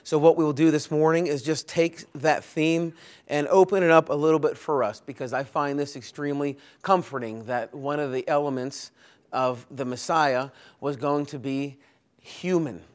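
A man's voice: a little high, steady tone, normal speed. A man preaching a Sunday sermon, earnest and emphatic, building his points through long lists with rising force. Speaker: pastor. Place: church.

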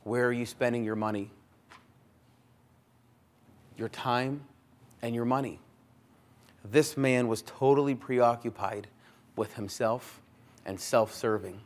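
A male pastor preaching a sermon in a deliberate manner, repeating phrases and putting questions to the congregation. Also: mid-range voice, fairly even intonation, a little mellow.

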